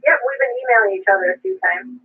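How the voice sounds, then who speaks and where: A woman's voice: a little high, big pitch swings, fast, breathy edge. A woman checking in to an amateur radio net on a handheld radio from a pizza restaurant. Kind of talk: ham radio net chat. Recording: tinny handheld radio transmission.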